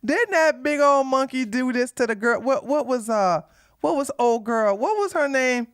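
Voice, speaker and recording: A woman's voice: high voice, normal speed, no room sound, clean studio sound. A woman hosting a live commentary stream, talking casually and animatedly to her chat. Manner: animated, talks to chat, sings snatches. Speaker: livestream commentary host.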